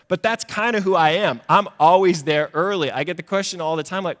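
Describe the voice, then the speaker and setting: A man's voice: high-pitched, a little fast, hardly any pauses, long reverb tail. A male pastor giving a conversational sermon, acting out little quoted exchanges and poking fun at himself. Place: church sanctuary.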